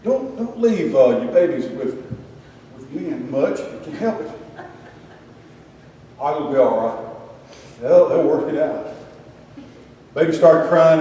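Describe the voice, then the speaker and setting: A man's voice: a little high, dark tone. An older man giving a folksy sermon, telling a Bible story with humorous asides. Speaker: preacher. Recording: echoey hall, distant mic.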